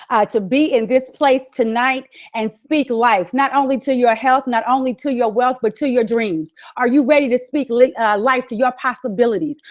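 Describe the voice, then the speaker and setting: Rousing woman giving a motivational talk. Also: fairly high pitch. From Virginia. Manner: rousing, rhetorical questions. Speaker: guest speaker and business coach. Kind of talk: motivational speech.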